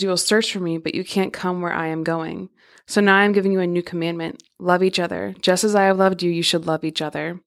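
Woman reading scripture aloud, lowish voice. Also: creaky. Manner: reads scripture aloud in a steady, even voice. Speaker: podcast host. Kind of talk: casual chat, then Bible reading.

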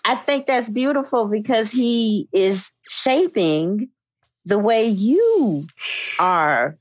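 A woman's voice: a little high, big pitch swings, slow pace, breathy edge, no echo. A woman co-hosting a casual talk show, responding with frequent agreement and encouragement. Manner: warm affirming listener, frequent agreement. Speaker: podcast co-host. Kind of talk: casual chat.

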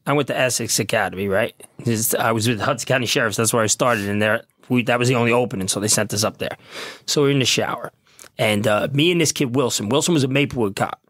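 A man, a police officer guest on a studio podcast, telling profane, laughing anecdotes in a casual, animated way. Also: mid-range voice, fast.

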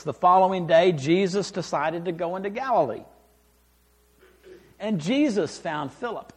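Man, preacher, sermon, scripture reading, high voice, animated. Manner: animated, rising and falling for emphasis, acts out quoted lines.

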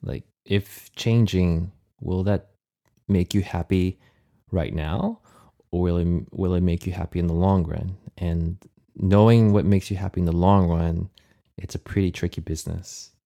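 A man's voice: sits low, fairly even intonation, unhurried, gravelly, dark tone. A man co-hosting a podcast, speaking thoughtfully and with some hesitation in casual chat. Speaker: podcast co-host.

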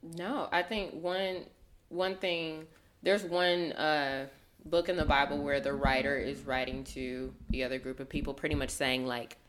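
Southern woman, low voice, thoughtful podcast guest. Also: flat delivery, measured pace. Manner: thoughtful, reflective, with fillers. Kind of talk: casual podcast chat.

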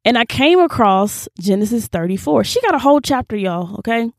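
A young woman hosting a casual Bible reading, expressive and slangy, reacting aloud as she reads. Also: a little high, fairly quick, dry recording, studio quality. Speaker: video host.

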